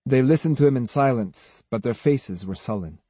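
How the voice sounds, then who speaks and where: A man's voice: mid-range voice, lively intonation, moderate pace, dark tone, slightly rough, dry recording. A man reading a novel aloud as an audiobook narrator, giving each character a voice. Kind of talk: scripted narration.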